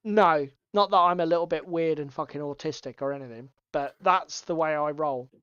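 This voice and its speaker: A man's voice: fairly high pitch, moderate pace, fairly bright tone, smooth, no room sound, lo-fi sound. A man co-hosting a casual livestream chat, rambling, swearing often and laughing. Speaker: co-host.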